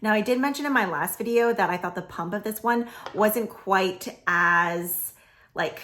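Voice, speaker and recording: A woman beauty vlogger chatting casually through a makeup tutorial, full of "like" fillers, a little hoarse as she says she is losing her voice. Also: mid-range voice, a little slow, a bit bright, a little hiss or hum.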